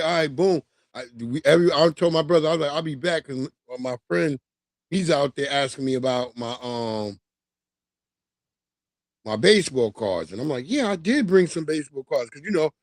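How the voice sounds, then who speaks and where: A man telling a long, profane childhood story on his livestream in a streetwise, animated way. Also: a little high, no echo, studio quality. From New York. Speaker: livestream host. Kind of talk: casual storytelling.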